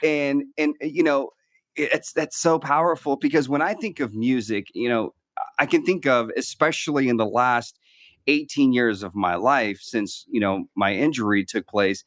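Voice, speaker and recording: A man's voice: mid-range voice, normal speed, fairly bright tone, no room sound, clean studio sound. A man hosting a conversational interview, asking earnest, rambling questions full of fillers and restarts. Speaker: podcast host.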